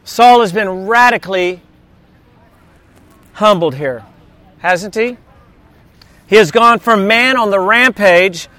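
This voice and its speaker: A pastor with a high, sharp voice preaches a sermon in a conversational, storytelling style, weaving humor into his scripture reading. There is no room sound.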